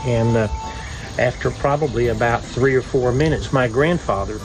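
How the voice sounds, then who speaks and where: A man telling stories in an unhurried, folksy way by an outdoor fire, pausing often with "uh". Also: medium pitch, noisy background. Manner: unhurried, folksy, lots of "uh" pauses. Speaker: video blogger. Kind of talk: relaxed storytelling by a campfire. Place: outdoors beside a fire at night.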